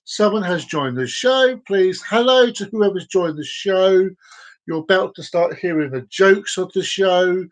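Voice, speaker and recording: A man hosts a loose, chatty live stream, talking straight to viewers he knows by name. He rambles from topic to topic and leans into corny puns. His voice sits a touch higher than most men's. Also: animated, measured pace. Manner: jokey and rambling, with groan-worthy puns; chats directly to viewers by name. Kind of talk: casual live-stream chat.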